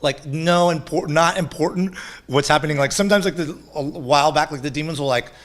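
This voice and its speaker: A man with a fairly high voice talks as a shaman guest in a relaxed interview. He tells his stories with animation, often laughing, swearing freely and acting out the voices of other people. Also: a little fast. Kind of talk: casual storytelling interview.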